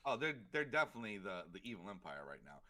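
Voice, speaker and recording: A man's voice: lowish voice, sing-song, sharp tone. A man co-hosting a sports podcast in casual talk, rambling through his points with lots of fillers and restarts. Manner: rambling, filler-heavy, quick talker. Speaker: podcast co-host.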